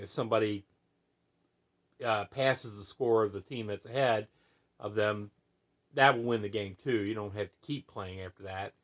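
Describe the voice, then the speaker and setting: An American man hosting a podcast, explaining a sport in a casual, folksy way with many fillers and "right?" asides. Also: fairly low pitch. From United States. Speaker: podcast host.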